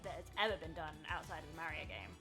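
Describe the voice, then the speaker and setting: Streaming a video game, a woman chats casually, laughs at herself often, and reads the game's text aloud in a chatty, self-mocking manner. Her low voice is animated and very fast, heard over music.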